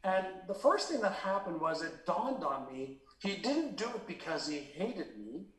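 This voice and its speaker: Middle-aged guy from israel opening up in an interview, lots of uhs and restarts, kinda high voice, echoey room. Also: big pitch swings, a little slow, fairly bright tone, far from the mic. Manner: earnest and emotional, with many fillers and restarts. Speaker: interview guest. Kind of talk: candid personal storytelling.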